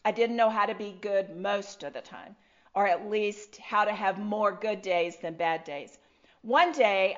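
A middle-aged woman, telling her personal testimony to a live audience in an animated, self-deprecating way. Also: mid-range voice, unhurried, muffled recording. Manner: animated, self-deprecating storyteller with frequent restarts. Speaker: speaker sharing her testimony. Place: room with an audience.

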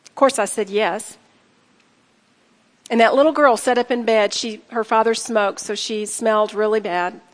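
A middle-aged woman with a slightly high voice tells a heartfelt personal story to an audience. She speaks earnestly and turns to her listeners often. Her voice rings with long reverb, as if in a large hall. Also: steady tone, moderate pace. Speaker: speaker sharing a personal testimony. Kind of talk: emotional personal testimony to an audience.

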